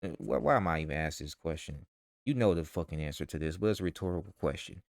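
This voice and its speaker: Deep-voiced man ranting, heated and profane. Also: expressive, fast, vocal fry, no room sound, clean studio sound. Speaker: vlogger. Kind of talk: ranting commentary.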